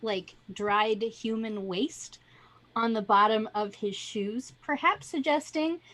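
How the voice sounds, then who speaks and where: A woman running a tabletop game as game master, describing scenes in a measured way with frequent ums. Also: a little high, fairly bright tone, low-quality recording.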